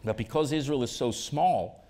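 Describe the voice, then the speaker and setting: A man in an onstage conversation, pressing his points with emphatic conviction and slipping in wry jokes. His pitch sits in an ordinary middle range for a man. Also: moderate pace, dark tone. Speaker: ambassador, interview guest. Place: auditorium stage.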